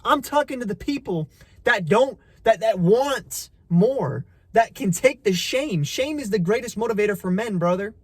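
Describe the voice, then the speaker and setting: A man's voice: high-pitched, animated, normal speed, breathy edge, no echo. A young man giving a blunt, profane motivational rant, preaching tough love and calling the listener bro. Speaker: motivational content creator.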